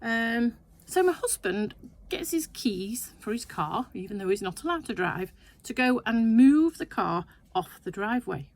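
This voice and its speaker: With a slightly high voice that swings widely in pitch, an older woman talks unhurriedly and with few pauses. She's a sewing vlogger sharing a chatty, rambling anecdote with asides from her sewing shed.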